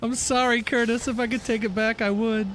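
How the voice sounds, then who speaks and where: A man's voice: extremely high pitch, level tone, fairly quick, a bit bright, a little hiss or hum. A man streaming a game, chatting casually and laughing through rambling, profane stories. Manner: rambling, laughing storyteller who swears freely. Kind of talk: casual live-stream chat.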